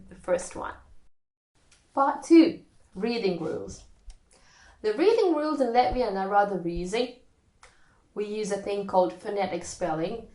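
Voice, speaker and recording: A woman gives a recorded language lesson in a slow, measured voice. She walks through each rule carefully and stops to say example words aloud. The room around her has a noticeable echo. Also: mid-range voice, a little mellow. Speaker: language teacher. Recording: echoey room.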